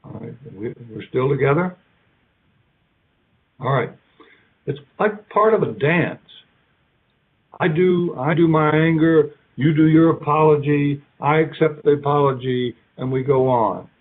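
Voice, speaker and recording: Husky-voiced man lecturing, tinny sound. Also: a little high. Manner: conversational, halting, acts out little quoted lines. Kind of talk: academic keynote lecture. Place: lecture hall.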